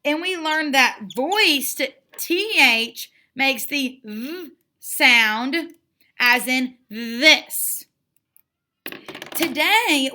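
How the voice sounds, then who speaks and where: A woman teaching a children's phonics lesson, sounding out letters slowly and praising often with repeated encouragement. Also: high-pitched, sharp tone, slight background noise. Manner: slow, drawn-out sounding out of letters; encouraging and repetitive.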